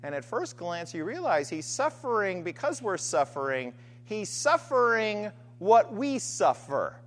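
A woman's voice: medium pitch, big pitch swings, a little slow. A woman preaching a sermon, building repeated refrains and asking rhetorical questions. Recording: long hall reverb.

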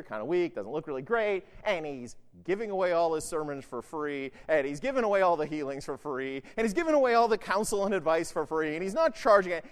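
A man preaching a sermon in a casual, conversational way, often checking in with "right?". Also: sits high. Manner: conversational, keeps asking "right?". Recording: long hall reverb.

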